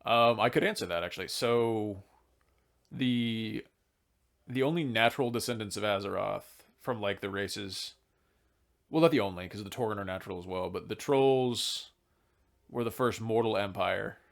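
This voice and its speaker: A man's voice: fairly low pitch, moderate pace, vocal fry. A tipsy man hosting a podcast, rambling casually about game lore and swearing now and then. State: drunk. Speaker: podcast host.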